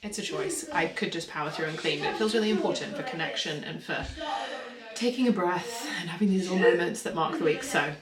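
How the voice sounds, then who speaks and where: A woman in her thirties chatting casually to camera at home in a family vlog, reflective and talkative, with soft laughs. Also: on the low side, fairly quick, crowd noise. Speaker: family vlogger.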